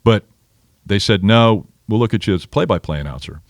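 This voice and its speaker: Low-voiced man telling stories. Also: a little fast, no room sound, clean studio sound. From Nebraska. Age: 50s. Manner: animated storyteller acting out quotes. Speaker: motorsport commentator, podcast guest. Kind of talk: casual storytelling interview.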